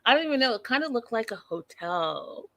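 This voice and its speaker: A woman host chats her way through a reality-show recap in a loose, animated way. She talks to the viewers directly and laughs at her own jokes, keeping it casual. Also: on the high side, brisk. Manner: chatty, animated, laughing at herself, asides to viewers.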